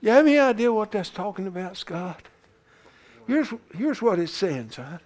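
Speaking into a camera, a man preaches with a high-pitched, very animated voice at normal speed. He swings from loud shouting to hushed whispers and repeats phrases for emphasis.

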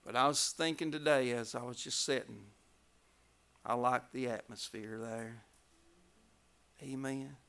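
A man preaching a revival sermon, telling stories and building to loud climaxes. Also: medium pitch, fairly even intonation, unhurried, vocal fry, long pauses, clean tone.

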